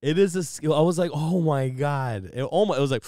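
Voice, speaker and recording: A man's voice: on the high side, very fast, no room sound, clean studio sound. A man co-hosting a podcast, telling crude stories with lots of laughter in casual conversation. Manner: crude, laughs a lot, animated storytelling. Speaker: podcast co-host. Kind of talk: casual chat.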